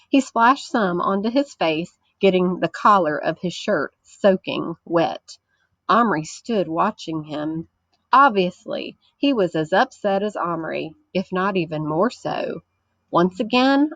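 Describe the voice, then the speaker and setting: Teacher lady reading a kids' chapter book, slow and lowish, gentle, dry muffled mic. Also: dry recording. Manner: gentle and explanatory, pausing to ask the children questions. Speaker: teacher reading to her class.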